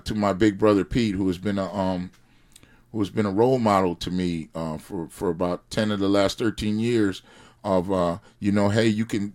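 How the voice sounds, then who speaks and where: Low-voiced man ranting animatedly. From United States. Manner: animated, preachy rants with loud swells. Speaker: podcast guest, sauce company founder. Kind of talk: casual chat.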